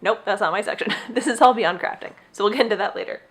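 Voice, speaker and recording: A woman's voice: mid-range voice, quick pace, a bit bright, husky. A young adult woman hosting her own podcast, chatting casually and rambling with gushing enthusiasm. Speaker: podcast host. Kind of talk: casual solo chat.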